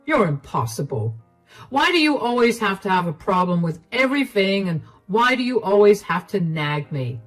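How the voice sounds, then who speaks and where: A man's voice: high voice, sing-song, normal speed, fairly bright tone, soft background music, full character voice. A woman voicing a lazy, defensive unemployed husband in a narrated story, with a whiny, evasive way of talking.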